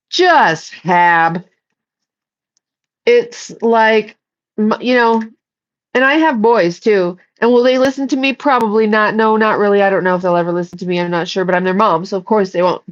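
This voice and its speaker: A woman's voice: mid-range voice, lo-fi sound. Playful woman rambling on a livestream. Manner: playful, jokey, talks to chat. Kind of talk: casual rambling livestream chat.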